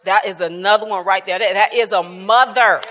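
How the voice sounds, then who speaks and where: A woman shares her story at a church bible class, loose and colloquial, breaking into laughter as she goes. Her voice is bright and ringing, and it echoes through a large, reverberant church hall. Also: mid-range voice, fairly quick, slight background noise. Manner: colloquial, laughing often, animated. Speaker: church member giving testimony at bible class. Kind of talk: personal testimony, casual storytelling.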